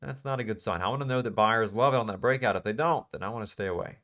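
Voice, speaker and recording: A man's voice: lowish voice, quick pace, a bit bright. A man teaching a live trading class in a casual, emphatic way, repeating phrases and asking the class questions. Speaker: trading instructor.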